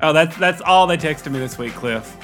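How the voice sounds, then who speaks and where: A man with a fairly high, bright, tense voice, co-hosting a comedy show. He sets up jokes deadpan and giggles often. Faint music plays behind him. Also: moderate pace. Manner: joking, giggly, deadpan setups. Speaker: podcast co-host. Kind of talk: comedic banter.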